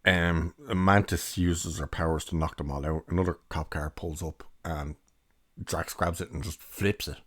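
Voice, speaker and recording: A young man with a low, deep voice talks through a film review in a loose, rambling way and chuckles as he goes. His voice is recorded close and dry, with no room sound around it. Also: steady tone, unhurried, a bit bright, no echo. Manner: rambling, chatty, laughs while recounting. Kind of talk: casual spoken film review.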